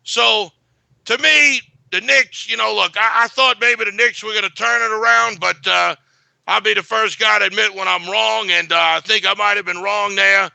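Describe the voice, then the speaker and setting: A man's voice: sits high, fairly even intonation, moderate pace, gravelly, sharp tone, dry recording. A man giving a sports betting pick in a blunt, boastful way, full of filler uhs.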